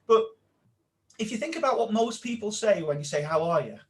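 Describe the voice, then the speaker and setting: A man with a slightly higher voice, talking as a mindset coach on a podcast. He speaks with animated energy and sinks to a hushed tone when he acts out someone's inner voice. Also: a little fast. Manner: animated, drops to a quiet voice when quoting self-talk. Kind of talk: casual podcast interview.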